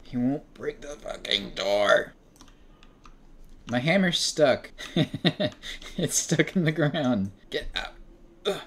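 A young man streaming a horror game, commenting in an exasperated way and breaking into shouts and laughs. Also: a little high, expressive, slow, long pauses, slight background noise. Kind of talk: frustrated gameplay commentary.

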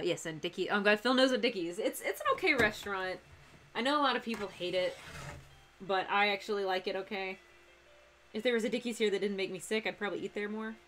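Sewing during a live stream, this young Texan woman talks in a chatty, rambling way, cutting off her own sentences and laughing. She has a faint Texan accent and a medium, slightly bright voice, with a little background noise behind it.

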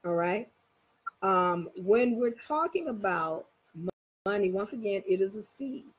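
A woman teaching in a casual, animated way, telling everyday stories and checking that listeners follow. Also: medium pitch, measured pace, slightly rough, low-quality recording. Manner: animated, storytelling, coaxing listeners. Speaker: spiritual teacher. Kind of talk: casual motivational talk.

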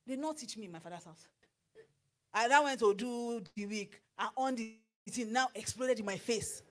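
A middle-aged Nigerian woman preaching on marriage, animated and slipping into pidgin with acted asides. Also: on the high side, normal speed. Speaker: pastor and marriage counselor. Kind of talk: sermon.

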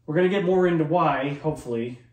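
A man's voice: on the high side, fast talker, reverberant, phone-quality sound. A man doing heated reaction commentary, swearing a lot and stumbling over fillers and restarts. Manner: profane, heated, lots of likes and restarts.

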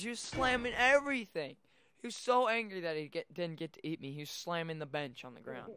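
Excitable high-voiced young man gaming. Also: moderate pace, pauses often, smooth, dry recording, soft background music. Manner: excitable, yelps and shouts at sudden moments. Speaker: gaming video host. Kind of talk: casual gameplay commentary.

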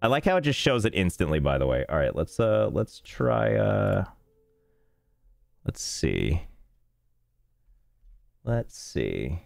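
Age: adult. Sex: man. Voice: low, lively rambling streamer. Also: a little slow, vocal fry, no room sound, clean studio sound. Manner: rambling, self-mocking, exasperated by technical trouble. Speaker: game streamer. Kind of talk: casual live-stream chat. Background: faint game music.

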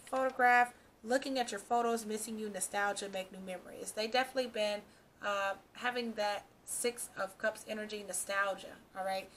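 A woman gives a casual tarot reading to her viewers and talks to them directly. She sounds reassuring and keeps checking in with "okay" and "all right." Her voice sits at an ordinary middle pitch, with a faint hiss in the background. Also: fairly even intonation, normal speed, a bit bright. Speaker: tarot reader.

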